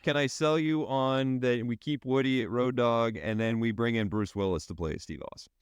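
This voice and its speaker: A man's voice: medium pitch, normal speed, clear, resonant tone, dry recording, studio quality. A man co-hosting a casual podcast chat, easygoing, often restarting his sentences. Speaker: podcast co-host.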